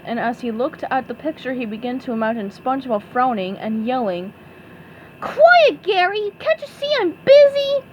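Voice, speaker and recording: A woman narrating a storybook aloud in an expressive, animated way. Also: a little high, slight background noise, poor audio. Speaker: storybook reader.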